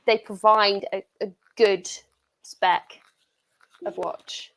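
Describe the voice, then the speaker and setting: A woman's voice: medium pitch, little pitch movement, slow pace. A young British woman co-hosting a casual chat, enthusiastic and full of fillers. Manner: chatty, filler-heavy, enthusiastic. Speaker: co-host.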